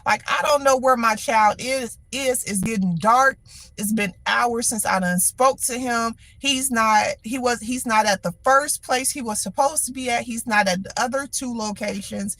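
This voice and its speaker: A middle-aged woman vents on a livestream in a lively, exasperated way and keeps circling back over the same points. Her voice sits a little high, and the recording is dry with no room echo. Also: normal speed. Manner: animated, exasperated storytelling with repetition. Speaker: livestream host. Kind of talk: casual venting monologue.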